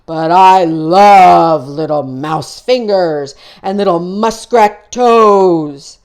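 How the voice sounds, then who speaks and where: Woman putting on a big hungry storybook monster, slow and loud, stretched-out words. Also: on the low side. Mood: menacing. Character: hungry grumbling male mountain monster.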